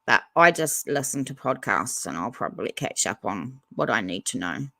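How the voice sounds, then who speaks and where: A woman's voice: rumbling low, animated, normal speed, a bit bright, dry recording, studio quality. A woman hosting a casual livestream, reading out viewer comments and chatting back to them. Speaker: livestream host reading chat.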